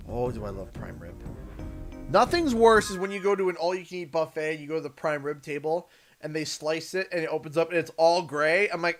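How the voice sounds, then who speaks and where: A young man hosting a livestream, chatting and joking with viewers in a lively, swinging voice. His pitch sits a bit high, and faint game music plays behind him. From Canada. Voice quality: chatty, animated, jokey. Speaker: livestream host. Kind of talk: casual gaming livestream chat.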